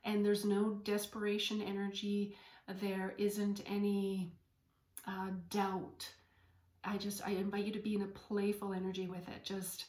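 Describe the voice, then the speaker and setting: A woman hosting a spiritual podcast, speaking gently in a storytelling way and sometimes dropping to a whisper. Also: medium pitch, level tone, normal speed, roomy sound. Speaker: podcast host and medium.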